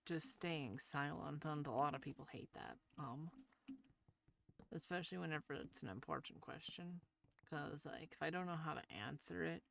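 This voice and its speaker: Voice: mid-range voice, moderate pace, gravelly, a bit bright. Nasal, rambling gameplay commentator. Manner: rambling and hesitant, heavy with fillers and restarts; shy, talks about social anxiety. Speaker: gaming video creator.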